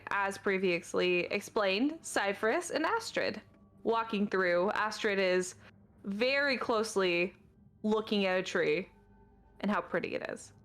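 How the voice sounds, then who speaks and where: A woman narrating scenes as game master of a tabletop game, relaxed and descriptive. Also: medium pitch.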